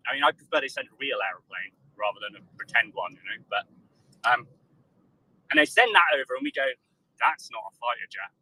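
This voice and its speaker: A man's voice: mid-range voice, sharp tone, poor audio. A British man in casual panel chat, sarcastic and joking, acting out other voices as he talks. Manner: sarcastic, acts out voices of nations.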